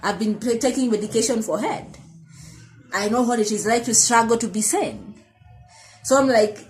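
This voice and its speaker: A woman's voice: a little high, low-quality recording. A woman in her thirties talking candidly to camera in a reflective, confessional personal vlog, often correcting herself mid-sentence. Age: 30s. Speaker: vlogger.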